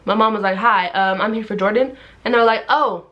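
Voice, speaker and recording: A young woman vlogger telling a story in a casual, animated way, acting out everyone in it with big jumps in her voice. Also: mid-range voice, quick pace, few pauses, lo-fi sound.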